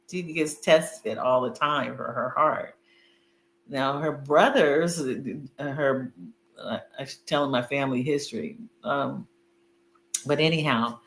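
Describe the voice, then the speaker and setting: A middle-aged woman with a low, fairly bright voice speaks unhurriedly while telling a story over a video call. The talk is casual, with frequent fillers and laughter, and the room sounds echoey with a faint hum.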